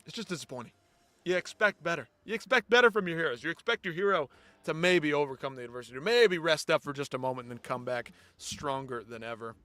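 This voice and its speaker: A man's voice: on the high side, expressive, fast talker, sharp tone. Profane, ranting male fight-show host. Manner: blunt, profane, exasperated ranting. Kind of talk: live post-fight commentary.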